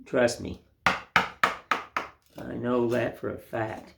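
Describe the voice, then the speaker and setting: A man's voice: mid-range voice, level tone, drawn-out words, gravelly, heavy background noise. An older man giving a casual, rambling woodcarving lesson in a folksy, self-deprecating way. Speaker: woodcarving instructor. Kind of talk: casual hands-on demonstration.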